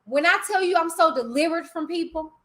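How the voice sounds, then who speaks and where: A woman's voice: very high-pitched, expressive, brisk, a bit bright. A woman hosting a live stream, talking bluntly and animatedly in casual commentary. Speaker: livestream host.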